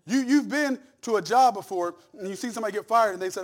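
A man with a high voice preaches with real fire. He drops to near-whispers for personal stories, then climbs into loud, shouted peaks. Dry, joking asides keep it folksy. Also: fast talker, hardly any pauses. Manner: animated preaching that swings from soft asides to shouted climaxes; humorous, folksy storytelling with laughs. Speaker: pastor. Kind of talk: sermon.

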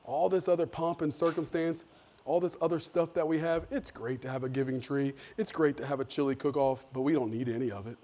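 Middle-aged pastor, male, slightly raised voice, folksy sermon storyteller who swings between quiet and loud. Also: fairly high pitch, steady tone, fairly quick, slight background noise.

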